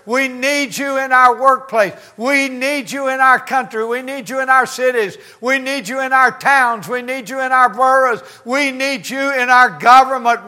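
Emphatic, bright-voiced preacher man. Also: extremely high pitch. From United States. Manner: emphatic preaching, repeating phrases, dropping to a hush. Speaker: pastor. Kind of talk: sermon.

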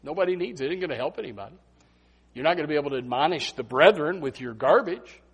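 Male pastor, sermon, high breathy voice, very animated pitch, emphatic and repetitive. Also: fast talker. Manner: emphatic, repeats phrases, swings from hushed to loud. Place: church sanctuary.

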